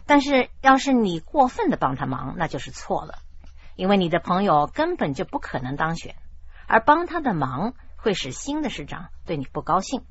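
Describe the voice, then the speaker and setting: Husky-voiced woman teaching on the radio. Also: lowish voice, big pitch swings, dry recording. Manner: measured explanatory delivery. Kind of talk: radio lesson explaining English idioms. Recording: dull lo-fi radio broadcast.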